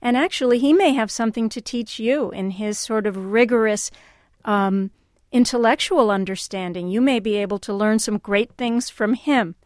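A woman hosting a call-in radio show, speaking in a calm and reflective way and telling stories. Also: a little high, moderate pace, no echo, clean studio sound.

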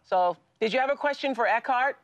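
A middle-aged woman hosting a studio talk show, telling stories in a lively way with frequent restarts. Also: on the high side, fairly quick, dry recording, lo-fi sound. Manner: lively and storytelling, with many restarts and laughs. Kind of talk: studio conversation with a guest. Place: television studio.

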